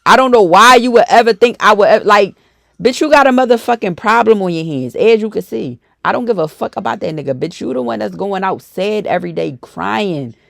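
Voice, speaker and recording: A woman's voice: medium pitch, lively intonation, fairly quick, vocal fry, no room sound, clean studio sound. A woman YouTuber, delivering a profane, confrontational storytime rant.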